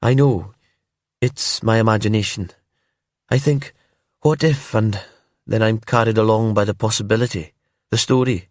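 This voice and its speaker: A man voicing a brooding older woman from a remote island in a calm storybook crime tale, speaking softly and hesitantly in a lifted voice. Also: on the low side, normal speed, pauses often, dry recording, studio quality, natural voice. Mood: wistful.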